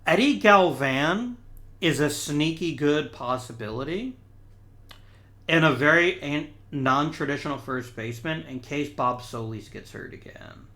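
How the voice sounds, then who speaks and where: Bright-voiced man narrating his gameplay. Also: on the high side, lively intonation, a little slow. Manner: thinks aloud, talks to players on screen. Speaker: gaming channel host. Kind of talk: casual let's-play commentary.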